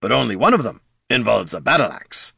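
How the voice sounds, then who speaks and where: A man voicing a gruff, battle-hardened male dwarf who talks bluntly and sarcastically. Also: mid-range voice, big pitch swings, a little fast, bright, forceful tone, dry recording, studio quality, exaggerated voice.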